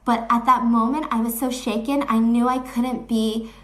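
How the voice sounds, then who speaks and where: A woman's voice: on the high side, steady tone, normal speed. A woman telling a personal story in an earnest, shaken, self-questioning way. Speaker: storyteller vlogger.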